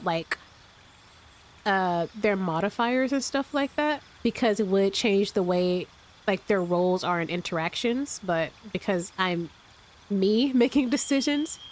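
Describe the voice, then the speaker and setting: A woman with a cold, a bit stuffy and raspy, thinking aloud as she hosts casual gameplay commentary from her room at home. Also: medium pitch, a little hiss or hum. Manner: thinks aloud, rambling with restarts. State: sick, stuffy and a little raspy. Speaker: let's play host.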